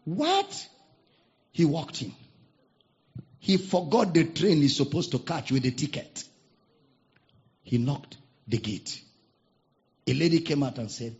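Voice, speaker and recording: A male pastor preaching a sermon, telling stories dramatically and swinging from shouts to hushed tones. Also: a little high, big pitch swings, takes it slowly, long pauses. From Nigeria. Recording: dull lo-fi sermon recording.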